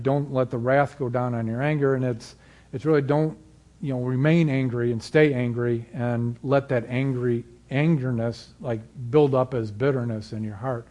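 A man giving a sermon as a guest preacher, moving from halting, calm teaching to loud, fervent exhortation. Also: mid-range voice. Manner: halting restarts and fillers.

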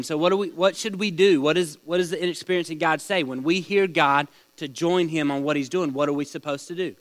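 A man's voice: fairly high pitch, brisk, hardly any pauses, no echo, poor audio. A man leading a small-group Bible study, teaching in a conversational way, asking the group questions and telling stories.

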